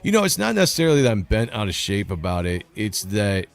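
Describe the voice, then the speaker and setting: A man's voice: fairly low pitch, sing-song, quick pace, creaky. A man hosting a casual livestream, reading chat comments and giving blunt opinions. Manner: blunt, opinionated, laughs often. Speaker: host reading live chat.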